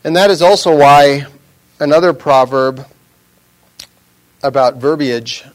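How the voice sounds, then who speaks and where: A man giving an informal sermon in a slow, measured, conversational way, with fillers and quoted proverbs. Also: on the high side. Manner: slow, measured, conversational, drops to a whisper at times. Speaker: preacher.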